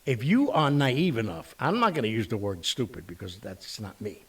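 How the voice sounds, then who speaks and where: A man's voice: on the low side, moderate pace, slightly rough, recorded from a distance. A man hosting his online show, rambling bluntly with mild curses. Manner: animated, blunt, mildly profane, rambling. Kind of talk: casual rambling monologue.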